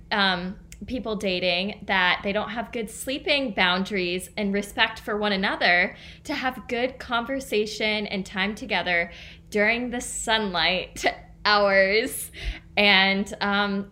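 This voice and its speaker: A woman co-hosting a casual conversation, speaking thoughtfully and hesitantly with frequent pauses to think. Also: mid-range voice, expressive, pushed and bright.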